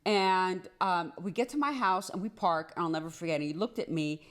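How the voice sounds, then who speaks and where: Animated woman telling a personal story. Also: lowish voice. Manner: animated, rushed, repeats herself with many "like"s. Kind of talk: casual storytime monologue.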